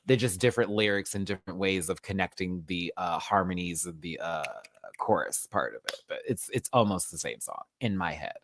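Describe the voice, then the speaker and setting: Sassy low-voiced man. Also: a little fast, no room sound. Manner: animated and sassy, jumping from loud outbursts to low mutters; casual with some swearing. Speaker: drag show reviewer, host. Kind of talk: casual live review chat.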